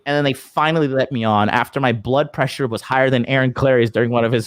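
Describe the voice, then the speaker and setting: Profane animated man telling a story. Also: mid-range voice, fast, hardly any pauses, no room sound. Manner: profane, animated retelling with acted quotes. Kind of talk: casual storytelling. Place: lives abroad in Japan.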